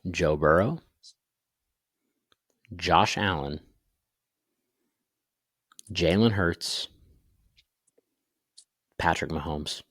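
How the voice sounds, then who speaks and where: A man's voice: low voice, very slow, pauses often, a bit bright, husky, dry recording, clean studio sound. A young man co-hosting a casual sports podcast over a video call, rambling with fillers and restarts. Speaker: podcast co-host.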